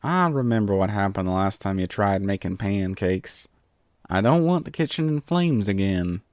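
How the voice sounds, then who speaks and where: A man's voice: fairly low pitch, animated, normal speed, darkish tone, no room sound, studio quality, close to an everyday voice. A man voicing a blunt, sleepy country mare with a put-on Southern drawl, grumbling dryly in a storybook reading. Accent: American Southern (put on). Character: blunt sleepy country female earth pony.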